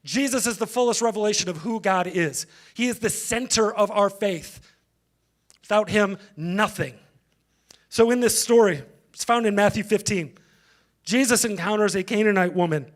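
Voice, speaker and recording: A man's voice: sits high, normal speed. A male pastor giving a conversational sermon, engaging the congregation directly.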